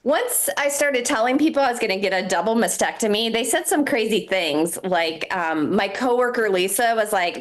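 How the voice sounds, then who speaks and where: A woman's voice: on the high side, animated, moderate pace, hardly any pauses. A woman in her forties doing a live stand-up set on a comedy club stage, self-deprecating, laughing at her own jokes between frequent "um"s. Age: 40s.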